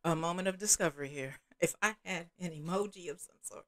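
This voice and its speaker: A woman's voice: fairly low pitch, a little fast. Frank middle-aged woman host, chatty and candid, casual delivery. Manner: frank, candid, chatty with many fillers and restarts. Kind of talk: casual adult chat.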